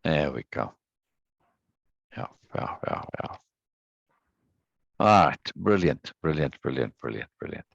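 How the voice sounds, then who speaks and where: A man hosting a live stream and chatting casually with viewers. He rambles, repeats words and greets people warmly. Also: a bass voice, big pitch swings, takes it slowly, gravelly, long pauses, no room sound, muffled recording. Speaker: livestream host.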